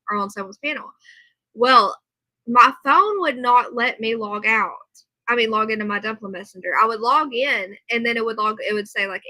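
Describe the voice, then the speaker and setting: A woman live streaming from her computer, reading a news report aloud and chatting with viewers in animated asides. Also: medium pitch, dry recording, low-quality recording. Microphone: computer mic, earbud in for monitoring.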